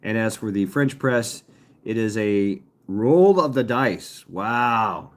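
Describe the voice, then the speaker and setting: Man, livestream host, slow unhurried rambling chat, frequent chuckles. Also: fairly low pitch, expressive. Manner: rambling, halting, chuckles often. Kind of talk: casual chat with live viewers. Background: fireworks popping outside.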